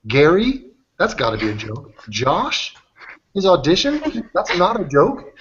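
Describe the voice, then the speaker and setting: A man's voice: sits high, big pitch swings, a little slow, fairly bright tone, slight background noise. Joking male livestream host. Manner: joking, asks guests questions. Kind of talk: casual group chat. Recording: dull lo-fi stream audio.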